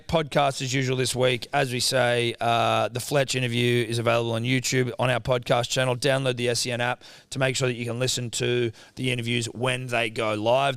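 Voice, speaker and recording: A man's voice: mid-range voice, a bit bright, smooth, no room sound. A man, co-hosting a casual sports podcast and telling stories with plenty of swearing. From Australia. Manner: swears freely, tells stories with put-on quotes. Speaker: podcast co-host.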